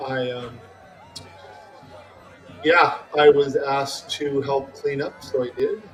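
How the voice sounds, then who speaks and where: A man's voice: medium pitch, fairly even intonation, takes it slowly, fairly bright tone, faint music behind, some chatter behind, low-quality recording. A man playing a dutiful bouncer. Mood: matter-of-fact. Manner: plain, matter-of-fact. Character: calm, dutiful male bouncer type.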